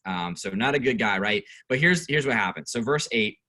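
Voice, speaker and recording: A man's voice: lowish voice, expressive, moderate pace, bright, forceful tone. A male youth pastor teaching a casual Bible study, reading scripture aloud and asking the group questions.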